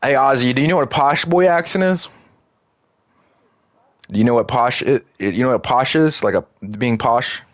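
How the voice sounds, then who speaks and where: A man's voice: mid-range voice, normal speed, pauses often, dry recording. A man streaming a game, chatting loosely and rambling with lots of filler words. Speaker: gaming streamer. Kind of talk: casual live-stream commentary.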